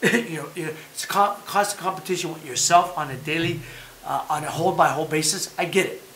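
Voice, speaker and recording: A man hosting a casual chat show, talking in an animated, emphatic way and repeating his points. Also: fairly high pitch, fairly quick, reverberant, a little hiss or hum, low-quality recording. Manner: talks about having been a fighter. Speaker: podcast host.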